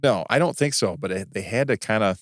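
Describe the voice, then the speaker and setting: Male podcast co-host, low voice, rambling storyteller, dry studio sound. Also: lively intonation, dry recording. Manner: rambling, halting storyteller with many restarts. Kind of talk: casual chat.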